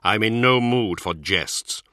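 A man voicing a gruff, impatient commanding lord who speaks curtly and demands answers. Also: lowish voice, slow pace, sharp tone, no echo, clean studio sound. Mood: stern.

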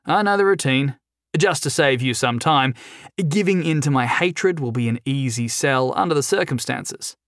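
A man voicing a wisecracking young male captive who talks in a quick, sarcastic, lively way in a storybook reading. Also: mid-range voice, no echo, clean studio sound. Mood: mocking. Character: chained young man, wisecracking and nervously flippant.

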